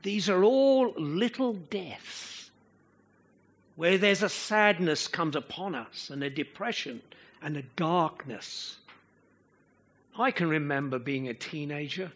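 Slow, animated husky male preacher. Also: fairly high pitch. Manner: slow, expressive preaching, chanting rhythms aloud. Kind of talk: sermon.

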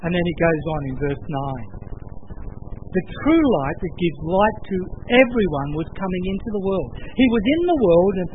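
A man preaching a sermon in church with an expressive, emphatic delivery that swings between loud and soft. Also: sits high, moderate pace. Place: church service. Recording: tinny phone-like sound with faint noise.

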